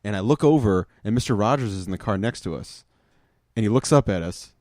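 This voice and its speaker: A man's voice: fairly low pitch, lively intonation, brisk, darkish tone, no room sound, studio quality. A young man co-hosting a casual chat show, telling rambling school stories and laughing through them. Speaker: podcast co-host.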